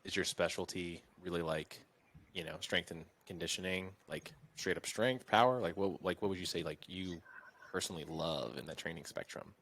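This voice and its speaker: Deep-voiced man hosting a podcast. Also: normal speed, fairly bright tone. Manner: rambling, many fillers. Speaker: podcast host. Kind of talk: casual interview chat.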